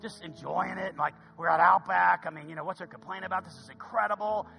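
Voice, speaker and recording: A woman's voice: fairly low pitch, a little fast, creaky, a bit bright, voice pushed up. A preacher voicing a cheerful, easygoing woman out at dinner, talking in a breezy, upbeat way.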